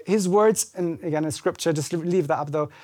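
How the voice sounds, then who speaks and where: A man's voice: a little high, normal speed. A man preaching as pastor at a church service, speaking conversationally and animatedly, acting out lines of scripture. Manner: animated, acts out scripture dialogue. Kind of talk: conversational sermon.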